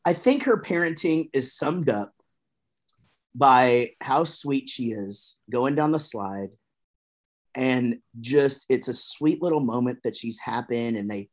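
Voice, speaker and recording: A man's voice: medium pitch, expressive, takes it slowly. A man guesting on a podcast from a room at home over a video call, chatting in a rambling, jokey, profane way. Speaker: guest musician. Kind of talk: casual podcast chat. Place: room with gold records behind him.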